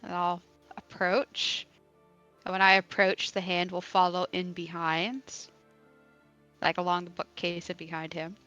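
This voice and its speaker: Brief: female player, slow and bright, giggly, slightly muffled recording. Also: fairly low pitch, level tone, faint music behind. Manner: giggly, hesitant. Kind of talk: playing a tabletop game.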